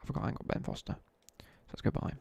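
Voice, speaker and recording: While playing a game, a young man streams and rambles through a casual story with plenty of asides. He races along in a gravelly, husky, darkish voice, with no room sound.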